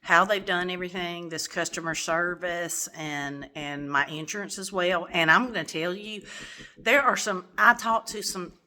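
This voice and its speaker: A woman's voice: lowish voice, normal speed, pushed and bright. A middle-aged woman, giving a candid, venting vlog update and swearing freely. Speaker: vlogger.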